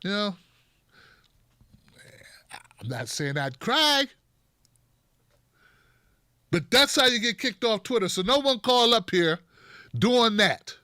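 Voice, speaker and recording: A man hosting a comedic political commentary show, talking in an animated, sarcastic and profane way. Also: sits high, takes it slowly, pauses often, no echo, studio quality. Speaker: host.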